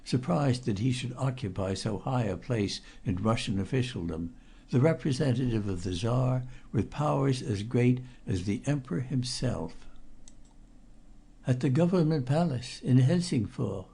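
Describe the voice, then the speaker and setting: A male narrator reads a classic novel in a steady, measured way. His voice is dark and mellow, with a gravelly, husky edge. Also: mid-range voice. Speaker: audiobook narrator. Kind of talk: scripted audiobook narration.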